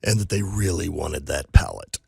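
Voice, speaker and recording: A man co-hosting a radio show in a studio, talking in playful, halting casual banter. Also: low-pitched, creaky, husky, dry recording. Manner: lively, halting with restarts, playful.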